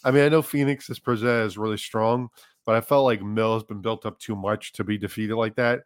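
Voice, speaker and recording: A man's voice: fairly low pitch, fairly even intonation, brisk, no echo, clean studio sound. A man guesting on a podcast, giving rambling casual opinions full of likes and small laughs.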